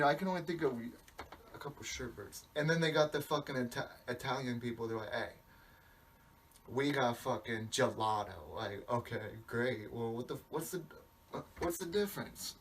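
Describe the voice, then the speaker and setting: The male podcast host here has a medium-pitched, slightly bright voice. He rambles through a comic monologue, cursing, drifting, and abandoning sentences partway. It's recorded on a distant mic with faint hiss.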